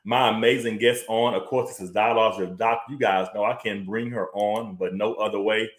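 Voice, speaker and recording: A man with a fairly low voice hosts his live web show. He talks in an excited, chatty rush and circles back over his own words. The room around him has a noticeable echo. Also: normal speed. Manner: excited, chatty, repeats himself often. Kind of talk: energetic livestream monologue.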